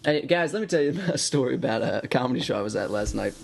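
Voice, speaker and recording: A man's voice: medium pitch, fast, gravelly, slight background noise. Young man telling a story, laughing. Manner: animated, laughing often. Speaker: podcast co-host. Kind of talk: casual chat, storytelling.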